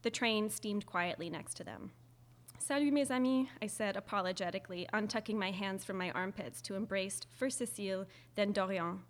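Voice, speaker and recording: A woman narrates a novel in the first person, at a middle pitch and an even speaking level. Her reading is measured and expressive, shaped like a polished audiobook.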